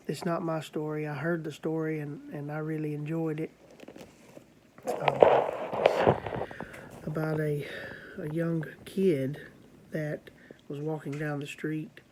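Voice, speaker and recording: A preacher tells a parable in an earnest, halting way. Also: medium pitch, flat delivery, warm tone, slight background noise. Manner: slow, earnest, halting with fillers. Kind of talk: storytelling sermon.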